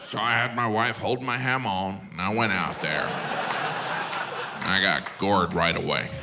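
A man voicing an out-of-shape middle-aged American tourist who got gored, speaking in a low, sheepish drawl on a live comedy stage. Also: a little slow. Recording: live stage with audible audience noise.

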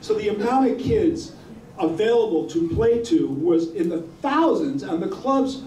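A man telling a lively anecdote on stage, acting out the voices of the people in his story. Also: high-pitched, measured pace, a little hiss or hum. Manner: acts out voices in his stories, laughing. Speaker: guest storyteller, rock guitarist. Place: arts center hall with audience. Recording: echoey hall, distant mic, crowd.

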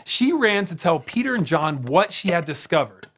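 A man narrating a scripted children's Bible story in an expressive way, with dramatic pauses. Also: high-pitched. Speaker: storyteller on a kids' show.

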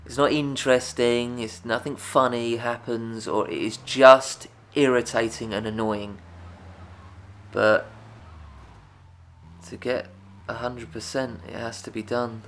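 Gravelly Essex man, slow gaming chat. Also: medium pitch. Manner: chatty, excitable, talks to viewers. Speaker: gaming YouTuber. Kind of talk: let's play commentary.

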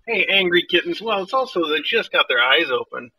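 A man's voice: high voice, expressive, fairly quick, pushed and bright, slightly rough, no echo, low-quality recording. A man in a casual vlog, talking playfully and teasingly to kittens. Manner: playful, teasing talk to animals.

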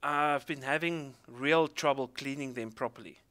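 South african guy asking questions, bright clear tone, lots of uh and um. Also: medium pitch, normal speed. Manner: chatty, hesitant with fillers. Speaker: interviewer. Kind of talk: casual interview.

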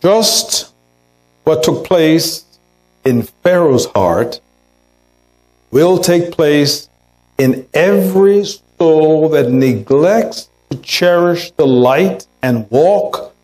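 A man's voice: a little high, lively intonation, extremely slow, long pauses, darkish tone, rough recording. A pastor preaching a sermon in a church, earnest, lifting his voice to act out quoted words. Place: church sanctuary.

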